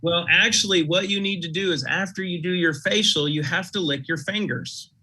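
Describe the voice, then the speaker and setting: A man's voice: high voice, moderate pace, pushed and bright, husky, rough recording. A man presenting on a video call, talking through ideas in a rhetorical way and often adding "right?". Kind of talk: casual business talk.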